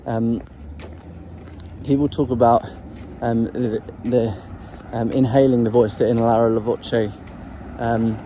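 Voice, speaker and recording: A man's voice: medium pitch, little pitch movement, takes it slowly, mellow, a little hiss or hum, low-quality recording. A man talking casually in a vlog about singing technique, hesitant and full of ums and restarts, breaking off to demonstrate throat sounds. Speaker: voice coach sharing singing tips.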